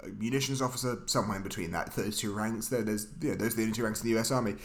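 A man's voice: on the low side, rapid-fire. A man co-hosting a casual film chat, joking and riffing with sarcastic asides. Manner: jokey, riffs with sarcastic mock voices. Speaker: podcast co-host.

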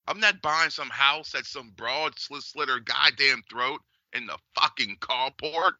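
A man's voice: mid-range voice, a little slow, few pauses, pushed and bright, dry recording. A man chatting casually on a podcast, blunt and heavily profane, with slangy reactions. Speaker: podcast co-host. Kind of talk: casual chat. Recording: dull, slightly lo-fi dry studio sound.

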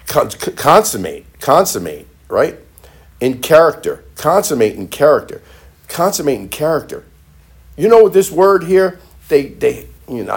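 Gravelly-voiced man preaching emphatically. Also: mid-range voice. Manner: emphatic, repeats phrases, many restarts. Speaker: pastor. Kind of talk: sermon.

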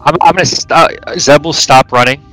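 A man's voice: a little high, a little fast, a bit bright, soft background music, low-quality recording. A man playing his character in a tabletop game, hesitant with restarts, then declaiming his character's words. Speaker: player. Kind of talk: tabletop role-play.

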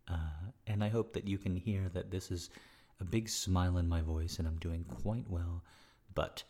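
A man with a very low, dark voice murmurs close and slow, often slipping into a whisper. His tone is husky and unhurried, with rambling, self-deprecating asides. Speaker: erotic audio creator. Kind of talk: intimate spoken audio.

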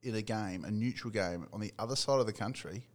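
A man's voice: on the low side, a little fast. A middle-aged Australian man in casual sports chat, laid-back, swearing freely and laughing often. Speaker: podcast co-host.

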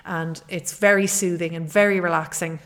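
A woman's voice: on the low side, steady tone, normal speed, a bit bright. A middle-aged woman hosting a solo podcast as a fitness coach, talking in an earnest, encouraging way and often repeating her key points.

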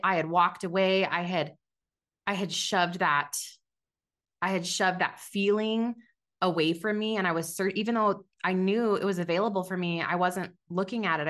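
Woman in her thirties, podcast guest, candid testimony, bright forceful tone, slightly low pitch. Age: 30s. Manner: candid, conversational, with many fillers and restarts. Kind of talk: personal testimony.

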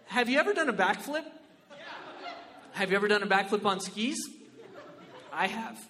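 High bright-voiced guy doing stand-up, animated, keeps saying right?, big reverby hall. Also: normal speed, some chatter behind. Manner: animated, exclamatory, frequent rhetorical "right?". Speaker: comedian. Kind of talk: stand-up storytelling.

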